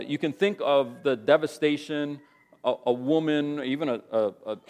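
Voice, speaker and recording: A male pastor teaches through a Bible passage in an unhurried, conversational sermon. His voice sits at an ordinary middle pitch, and he stops often to rephrase and restart his thoughts. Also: a little mellow.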